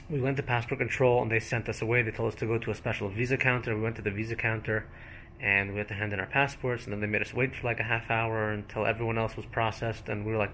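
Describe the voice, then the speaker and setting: A man's voice: lowish voice, a bit bright, a little hiss or hum. Chatty man vlogging his travels. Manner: chatty, loose play-by-play recounting. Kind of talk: casual travel vlog narration.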